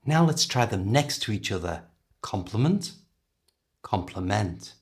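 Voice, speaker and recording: A middle-aged man with a British accent teaching an English lesson, carefully and clearly modelling how words are pronounced. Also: lowish voice, big pitch swings, moderate pace. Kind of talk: language lesson.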